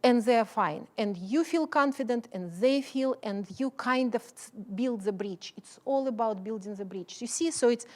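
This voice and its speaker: A woman's voice: fairly high pitch, darkish tone. A middle-aged woman, a professor giving a keynote speech, talking passionately in English with an accent and non-native phrasing.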